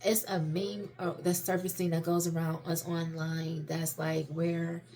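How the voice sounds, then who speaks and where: A woman's voice: sits low, flat delivery, a little slow, dark tone. A woman talking candidly in a casual personal monologue, rambling and self-reflective, swearing freely. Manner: self-reflective, many restarts and fillers. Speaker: vlogger sharing personal reflections.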